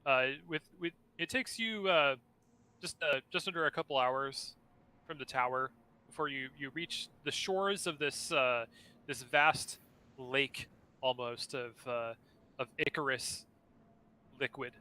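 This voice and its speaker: A man narrating a tabletop game as dungeon master, halting with frequent restarts and fillers. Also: medium pitch, bright, forceful tone, smooth. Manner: halting, lots of uh and restarts, laughs often.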